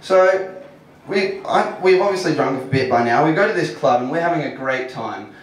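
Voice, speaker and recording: A man's voice: a little high, expressive, moderate pace. Man telling a story in an echoey hall. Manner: casual, self-mocking, laughing often. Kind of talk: live personal storytelling. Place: live storytelling venue with audience. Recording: echoey hall, mic far off.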